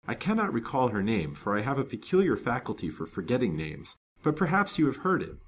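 A man's voice: mid-range voice, big pitch swings, brisk, breathy edge, voice pushed up. A man reading the lines of a frail, grateful young woman in a storybook, in an earnest, emotional tone.

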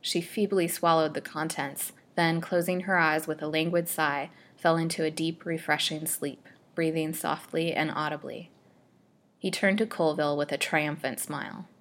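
A woman narrating a serialized gothic storybook with a dramatic, expressive reading. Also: low voice, normal speed.

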